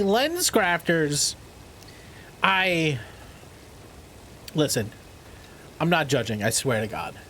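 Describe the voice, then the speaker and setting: A male game streamer with a high, bouncy voice that swings widely in pitch. He jokes with his chat, swears freely, and reads trivia questions aloud. A faint noise sits under his home streaming setup. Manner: animated, profane, joking with chat.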